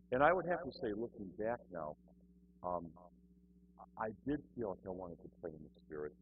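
A man's voice: mid-range voice, moderate pace, phone-quality sound. A middle-aged man telling a humorous personal testimony, acting out the people in his story as he goes. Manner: animated, acts out other people's voices.

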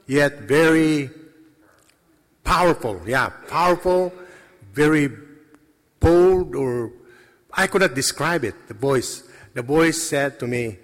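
A man giving a personal faith testimony to a congregation, earnest and halting, with many pauses and restarts. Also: medium pitch, fairly bright tone. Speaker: lay speaker giving a testimony. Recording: long reverb of a large hall.

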